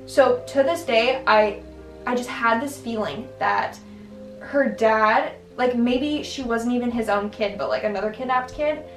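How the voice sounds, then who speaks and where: A young woman vlogger tells personal stories casually, rambling along with plenty of "like" and restarts in a chatty, filler-heavy way. Her voice is a little high and a little slow. The audio sounds roomy, with a distant mic and faint music in the background.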